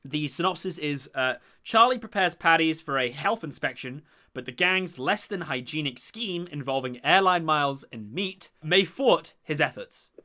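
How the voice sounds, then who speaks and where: A man's voice: a little high, animated, normal speed, few pauses, sharp tone. A young man hosting a casual chat about a TV show, enthusiastic and rambling with many fillers. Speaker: podcast host.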